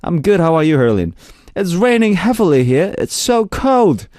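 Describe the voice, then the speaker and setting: A man's voice: high-pitched, big pitch swings, moderate pace, darkish tone, dry recording, studio quality, voice pushed up. A man voicing a cheerful listener reading a fan letter, in a put-on Australian accent, bouncy and playful. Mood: chirpy.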